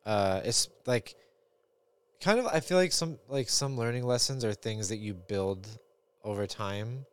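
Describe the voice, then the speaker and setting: A man's voice: lowish voice, measured pace, smooth. A man co-hosting a casual podcast chat as a parent, thinking aloud in a rambling way with many fillers.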